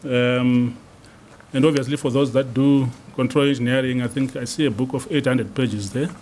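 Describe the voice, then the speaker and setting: A man's voice: mid-range voice, steady tone, moderate pace, darkish tone, a little hiss or hum. A man serving as acting dean, giving an unscripted response to a lecture and hesitating often with ums and uhs.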